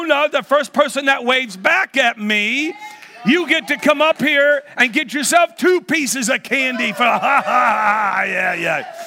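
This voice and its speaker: A man's voice: very high voice, pushed and bright. A man in his sixties, a guest preacher leading a playful children's talk in a church, teasing the audience like a game-show host. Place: church hall.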